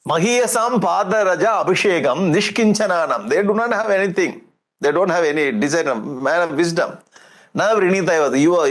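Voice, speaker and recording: A man with an Indian English accent giving a lively spiritual discourse, jovial and often chuckling as he acts out scenes. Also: on the high side. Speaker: swami giving a scripture discourse.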